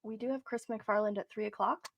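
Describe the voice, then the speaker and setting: A woman's voice: mid-range voice, steady tone, a little fast, creaky, no room sound. Woman co-host, dry studio sound. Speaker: podcast co-host. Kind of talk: casual hockey podcast chat.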